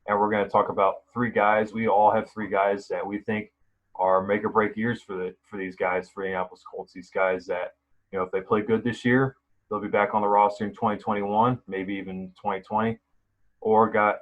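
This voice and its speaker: Guy hosting a sports podcast, kinda rambly, lower voice, muffled audio. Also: flat delivery, fairly quick. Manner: rambling, many fillers and restarts. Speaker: podcast host. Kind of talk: casual sports podcast talk.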